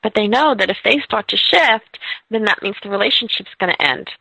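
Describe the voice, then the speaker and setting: Bright-voiced woman podcast host. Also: mid-range voice, lively intonation, fairly quick, creaky, no echo, rough recording. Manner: upbeat, storytelling, frequent affirmations. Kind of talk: casual podcast conversation.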